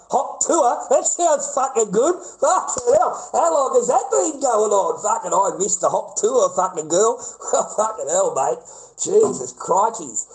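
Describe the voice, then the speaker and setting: A man's voice: fairly high pitch, darkish tone, poor audio. An Australian man livestreaming and chatting with callers in a rambling, profane, rowdy way. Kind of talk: casual livestream chat with callers.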